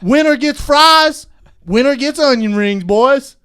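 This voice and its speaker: A man's voice: extremely high pitch, unhurried, fairly bright tone, voice pushed up. A man voicing a perverted redneck with a Southern American accent, drawling lewd orders. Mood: leering.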